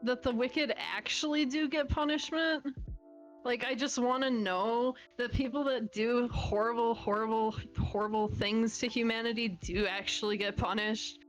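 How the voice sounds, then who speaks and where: A woman's voice: fairly high pitch, steady tone, normal speed, soft background music. A woman guest in a casual stream chat, laid-back and thoughtful.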